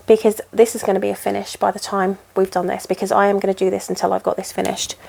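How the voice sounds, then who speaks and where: A woman's voice: mid-range voice, creaky. A woman in casual chat while she stitches, rambling and poking fun at herself. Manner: rambling, chatty and self-deprecating. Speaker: cross-stitch vlogger.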